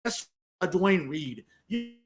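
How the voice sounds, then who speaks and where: A man's voice: high-pitched, very animated, takes it slowly, over music. A man hosting his own political commentary show from a home office, combative and sarcastic, often tagging lines with "okay?" and "right?". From New Jersey. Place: home office with bookshelves behind him.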